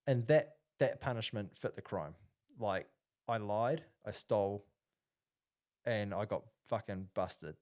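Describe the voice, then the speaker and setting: A man's voice: lowish voice, takes it slowly, darkish tone. A man, co-hosting a casual podcast and telling a story with lots of fillers and restarts. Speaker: podcast co-host.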